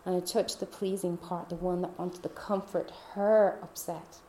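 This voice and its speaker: A woman's voice: lowish voice, fairly even intonation, moderate pace, mellow, a little hiss or hum. A woman podcast host telling her personal faith testimony in a heartfelt, confiding way. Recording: roomy echo.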